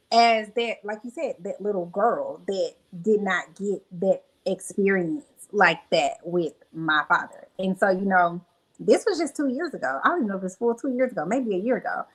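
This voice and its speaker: A woman's voice: mid-range voice, fairly bright tone, poor audio. A young adult woman speaking candidly as a podcast guest, telling reflective personal stories with many fillers. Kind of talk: podcast interview.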